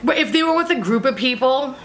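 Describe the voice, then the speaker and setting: A woman in her thirties chatting casually as host, laughing through her stories and swearing freely. Her voice is bright and swings widely in pitch, with a faint hiss behind it. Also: brisk. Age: 30s. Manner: laughing often, swearing freely, animated storytelling. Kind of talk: casual chat.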